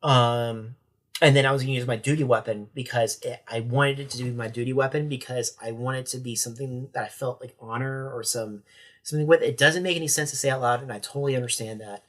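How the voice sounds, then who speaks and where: A young adult man speaks at a middle pitch, recounting his own hard experience as a guest on a podcast. He talks candidly and with emotion. He often stops and starts his sentences over. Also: steady tone, brisk, fairly bright tone. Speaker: sheriff's corporal and podcast guest. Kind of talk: personal account in a podcast interview.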